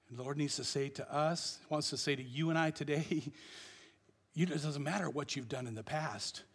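High-voiced man preaching in an echoey hall. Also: moderate pace, husky. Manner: impassioned preaching, big swings between loud and hushed. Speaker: pastor. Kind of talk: sermon.

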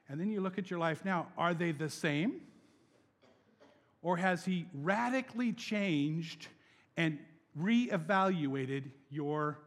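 A young adult man preaching a sermon as pastor, animated, moving between hushed scripture reading and loud, laughing emphasis. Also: high voice, long reverb tail.

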